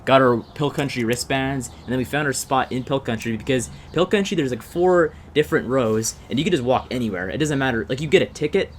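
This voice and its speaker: A man's voice: medium pitch, brisk, hardly any pauses, slight background noise. A young man co-hosting a podcast, telling a story in casual chat, rambling and full of fillers. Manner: rambling storyteller, heavy use of "like". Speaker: podcast co-host.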